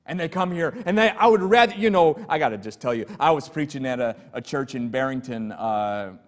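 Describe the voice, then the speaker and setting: A man's voice: mid-range voice, lively intonation, fairly quick. A male pastor preaching an earnest, emphatic sermon and telling stories to his congregation in a church sanctuary. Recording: long church hall reverb.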